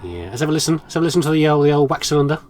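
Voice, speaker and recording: A man's voice: fairly high pitch, animated, racing, a little mellow, soft background music. A man commentating his horror game playthrough in a playful, musing, self-mocking way. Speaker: gaming commentator. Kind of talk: let's play commentary.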